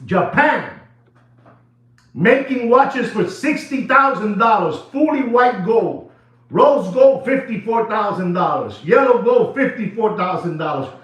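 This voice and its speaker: A man dealing in watches, ranting excitedly to camera in casual talk, repeating himself and dropping into Spanish phrases. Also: high-pitched, measured pace. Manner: animated, repetitive, switches into Spanish phrases. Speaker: watch dealer. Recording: echoey room, dull lo-fi sound.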